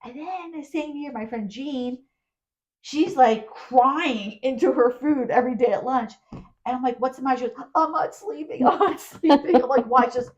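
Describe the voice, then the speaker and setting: A woman co-hosting a casual podcast chat, telling animated stories with frequent laughs. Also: high-pitched, moderate pace. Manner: animated storyteller, laughs often. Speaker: podcast co-host. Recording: dull lo-fi sound.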